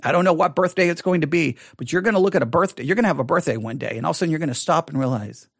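A middle-aged Texan man leads a Bible study in a loose, conversational way. His voice sits a little high for a man. He stumbles and repeats words, then presses hard on the phrases he wants to land. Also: racing, creaky. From Texas. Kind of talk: informal Bible study teaching with personal stories.

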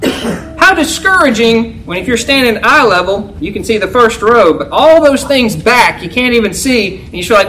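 High-voiced preacher, conversational. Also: male voice, very animated, moderate pace, slight background noise, poor audio. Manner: conversational, keeps asking "right?"; acts out a yelling teacher in a loud, high voice. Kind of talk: sermon.

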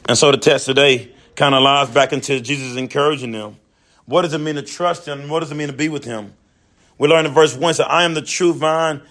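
A man preaching a folksy, animated sermon in a nursing home, talking straight to his listeners. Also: a little high, far from the mic. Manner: animated, folksy, talks directly to the audience. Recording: echoey room, recorded from afar.

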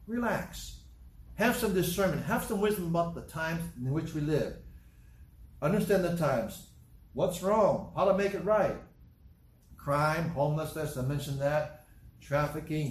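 A man preaches a sermon with emphatic, repeated points and plain talk. His voice sits a little high for a man. The sound carries a roomy echo, as in a church hall. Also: a little mellow, far from the mic. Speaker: pastor.

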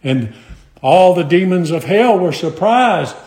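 A man preaching a sermon, emphatic and measured, drawing out scripture lines in old wording. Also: high voice, lively intonation, darkish tone. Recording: echoey room.

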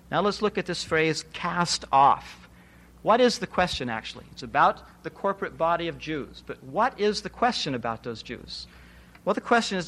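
A man preaching an expository sermon in a voice pitched a little above most men's. He drives his points home with rhetorical questions and repeated phrases, steady and emphatic.

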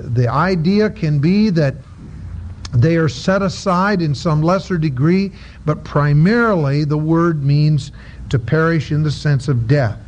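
A man preaching a Bible-study sermon, halting with many filler sounds and reading scripture aloud between explanations. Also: fairly high pitch, darkish tone. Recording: dull lo-fi recording with faint noise.

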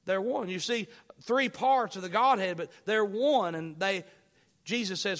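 A man's voice: sits high, a little slow, a bit bright. A male pastor preaching a sermon, quoting scripture in old-fashioned wording and repeating lines with swelling emphasis. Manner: quotes scripture in King James wording.

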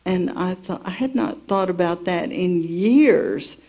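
A woman teaches from the Bible, reading the passage aloud and earnestly weaving her own story around it in slow storytelling with personal asides. Her voice is on the low side with a dark tone.

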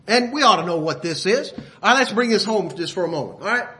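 A man preaching a sermon in a folksy way, asking the listeners rhetorical questions and often clearing his throat. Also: high voice, sharp tone.

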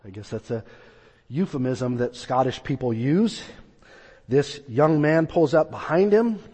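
A man's voice: mid-range voice, lively intonation, a little slow, mellow, husky. A man preaching a sermon, telling a story and acting out the voices in it. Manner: storytelling, acts out quoted voices. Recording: long reverb of a large hall.

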